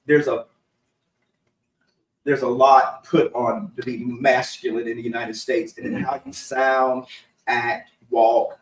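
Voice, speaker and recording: A man giving his opinions in a halting, casual way as co-host of a live discussion. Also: medium pitch, roomy sound, far from the mic, poor audio. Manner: halting, opinionated, many fillers and restarts.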